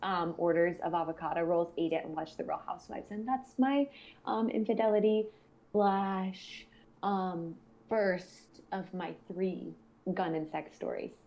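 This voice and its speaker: A young adult woman co-hosting a podcast, telling a story in a casual, animated, profane way and acting out what people said. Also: fairly low pitch, measured pace. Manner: animated, profane, acts out quoted voices. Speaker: podcast co-host.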